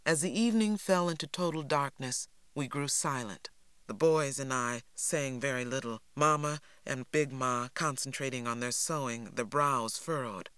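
A man reading an audiobook in a measured storytelling manner. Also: mid-range voice, bright, forceful tone, clean tone, no room sound. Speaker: audiobook narrator. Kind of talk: scripted narration.

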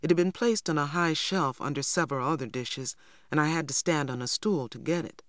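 An audiobook narrator reading a first-person novel in a measured, even storytelling manner. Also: mid-range voice, no room sound, clean studio sound.

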